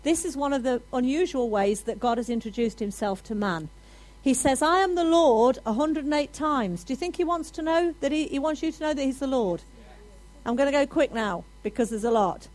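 A woman preaching a sermon to a congregation, animated and building to loud, emphatic declarations. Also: high voice, a little fast, rough recording.

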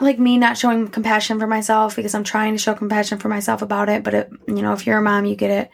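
Candid young mom with a gravelly edge. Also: female voice, medium pitch. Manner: candid, halting, many restarts and "like" fillers. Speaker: podcast host. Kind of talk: personal reflective monologue.

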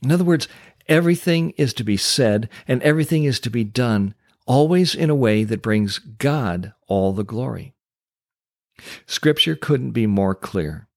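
A man's voice: mid-range voice, lively intonation, measured pace, creaky, dry recording, clean studio sound. A man hosting a Christian teaching podcast, speaking in an emphatic preacherly way with rhetorical questions. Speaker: podcast host and Christian coach.

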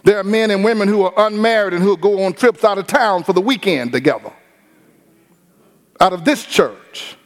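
A man preaching a sermon as pastor, animated and informal, acting out the people he talks about. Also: sits high, normal speed, long reverb tail. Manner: animated preaching with acted-out quotes.

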